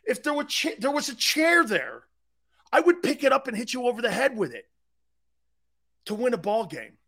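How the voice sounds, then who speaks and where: Brash, high, lively-voiced sports radio man. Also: moderate pace, husky. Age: older. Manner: brash, profane storytelling with shouted quotes and laughs. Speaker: radio show host.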